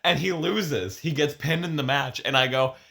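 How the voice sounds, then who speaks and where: A man's voice: fairly high pitch, moderate pace, gravelly, fairly bright tone. A man hosting a podcast in casual chat, rambling and profane, often restarting his sentences. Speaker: podcast host.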